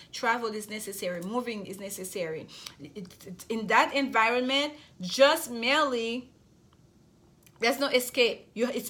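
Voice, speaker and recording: A woman with a noticeable accent talks through a tarot spread straight to camera in a middle-pitched voice. She keeps circling back over her words and checks in with her viewers as she goes. Her delivery is earnest and reassuring. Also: a bit bright. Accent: non-native accent. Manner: repetitive, reassuring, frequent restarts and check-in questions. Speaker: tarot reader. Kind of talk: intuitive tarot reading to camera.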